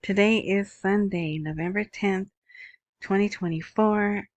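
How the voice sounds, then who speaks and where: A woman's voice: lowish voice, no room sound. A middle-aged woman hosting her own podcast, rambling casually with lots of fillers and asides. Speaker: podcast host. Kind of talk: casual solo podcast monologue.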